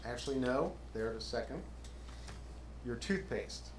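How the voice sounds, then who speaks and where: A man introducing himself as a health and wellness educator, practicing a rehearsed pitch a little hesitantly. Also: animated, a little slow. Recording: roomy audience mic with faint noise.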